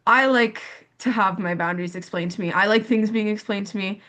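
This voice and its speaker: Candid young woman telling her story. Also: a little fast. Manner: animated storytelling, acts out quoted dialogue in higher pitch; frequent fillers and repetitions. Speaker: panelist sharing lived experience. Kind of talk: candid personal account on a panel.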